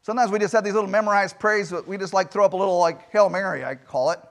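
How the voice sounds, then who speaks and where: A male pastor preaching a sermon in a church, emphatic, firing rhetorical questions and swinging between loud and soft delivery. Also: high voice, very fast. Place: church sanctuary.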